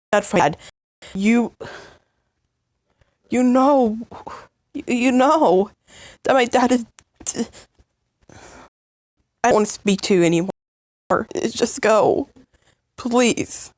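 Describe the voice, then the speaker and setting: A woman voicing an upset young partner in a fight with the listener, stammering and halting in emotional outbursts. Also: a little high, darkish tone, dry recording, clean studio sound. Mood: hurt, angry. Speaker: voice actor in a listener role-play. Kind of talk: listener role-play audio drama.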